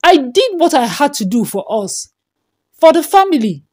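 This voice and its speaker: A woman voicing a young husband who is angry and desperate, snapping and forceful. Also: high-pitched, big pitch swings, normal speed, pitched above the performer's own voice.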